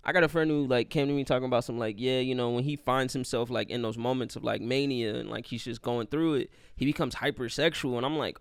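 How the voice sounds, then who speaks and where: A man's voice: mid-range voice, fairly even intonation, fast talker, creaky, hardly any pauses, smooth, no echo, studio quality. A young man hosting a casual solo podcast, rambling and profane, joking at his own expense. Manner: profane, rambling, self-deprecating. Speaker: podcast host.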